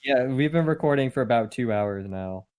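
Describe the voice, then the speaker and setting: A man's voice: mid-range voice, animated, normal speed, darkish tone, clear, resonant tone. A man in casual podcast chat, giving short wry reactions. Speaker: podcast co-host.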